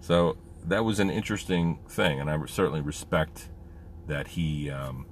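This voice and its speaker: A man's voice: very deep voice, moderate pace, a little hiss or hum. A man and military veteran talking candidly in a casual monologue, rambling with many fillers.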